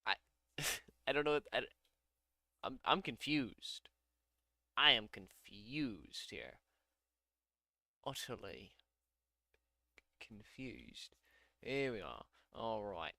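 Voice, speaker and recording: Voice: mid-range voice, animated, slow, long pauses, pushed and bright, no echo, studio quality. A programmer thinking aloud while coding in a casual vlog, muttering to themself and laughing at their own mistakes.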